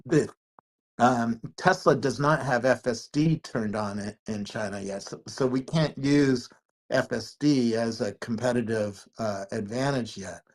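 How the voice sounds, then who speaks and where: A man hosting a casual podcast interview, asking his questions haltingly with restarts. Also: mid-range voice. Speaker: podcast host.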